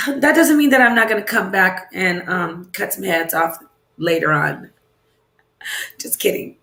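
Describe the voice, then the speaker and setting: A woman's voice: mid-range voice, unhurried, sharp tone. A woman hosting a casual livestream, chatting loosely, reacting to viewer comments and asking them questions aloud. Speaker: livestream host. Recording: roomy echo.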